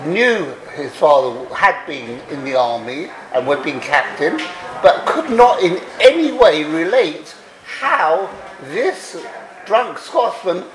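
A man telling a story to a gathering, animated and drawn out, laughing now and then. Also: a little high, roomy sound, noisy background. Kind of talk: storytelling talk.

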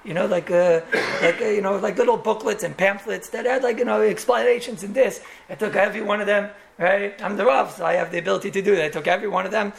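Gravelly-voiced rabbi teaching a lecture. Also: male voice, sits high, fast talker, slight background noise. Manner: storytelling with repeated words and chuckling asides. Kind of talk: Torah lecture in English laced with Yiddish and Hebrew terms.

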